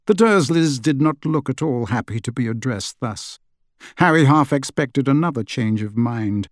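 Guy narrating an audiobook, lively up-and-down delivery, dry close sound. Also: mid-range voice, moderate pace, no echo. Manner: expressive storytelling. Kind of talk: scripted narration.

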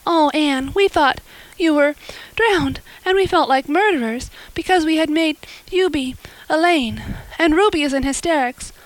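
A woman voicing an excitable teenage girl who speaks in breathless, urgent bursts. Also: unhurried, dry recording, rough recording. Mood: frantic relief. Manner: gasping, breathless, high and urgent.

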